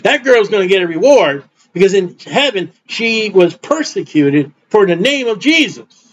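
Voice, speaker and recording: A man's voice: high-pitched, sing-song, moderate pace. A middle-aged man preaching an informal, rambling sermon in a blunt, conversational way. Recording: dull lo-fi recording.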